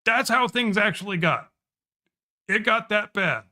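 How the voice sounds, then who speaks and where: Bright-voiced man ranting emphatically. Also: high voice, unhurried. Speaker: podcast co-host. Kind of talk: casual chat.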